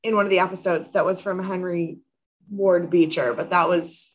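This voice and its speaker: A woman's voice: on the low side, fairly even intonation, normal speed. Thoughtful woman co-hosting a casual podcast. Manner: thoughtful, corrects herself mid-sentence. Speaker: podcast co-host. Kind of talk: casual chat recapping a TV episode.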